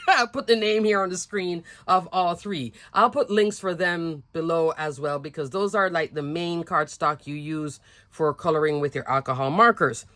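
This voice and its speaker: A woman with a fairly low voice talks chattily through a craft demo, gushing over every cute piece. She sounds close to the mic in a dry, dead room. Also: a bit bright, no echo. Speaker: craft channel host. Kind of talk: casual product show-and-tell.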